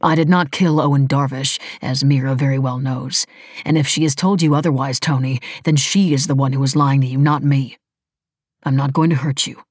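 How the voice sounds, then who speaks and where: A woman reading a composed man who holds all the power, speaking low and evenly. He lectures patiently, never raising his voice. The reading is husky and dry. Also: no echo. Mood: calm. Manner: calm, measured, lecturing. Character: cool, controlled wealthy man in charge.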